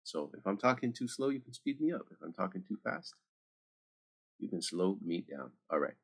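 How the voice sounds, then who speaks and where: A man's voice: low voice, sing-song, moderate pace, gravelly, husky. A man teaching math over a screen recording, chatty and talking straight to his students with little asides.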